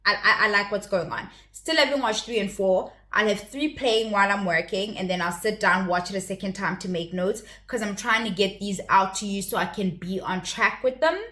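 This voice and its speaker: A woman's voice: medium pitch, normal speed, hardly any pauses, pushed and bright. A young adult woman hosting her own channel, giving a chatty, opinionated review of a reality show and often repeating words as she restarts. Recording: roomy echoey room.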